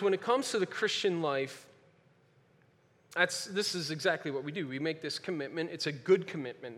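A man preaching a sermon to his congregation, moving from quiet earnest passages to loud emphatic ones and repeating key phrases. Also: fairly high pitch. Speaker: pastor. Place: church sanctuary. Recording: long reverb of a large hall.

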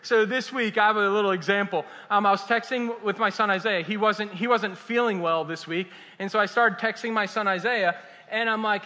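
Animated high-voiced male pastor. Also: moderate pace. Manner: animated, conversational, humorous. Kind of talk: sermon. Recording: echoey hall.

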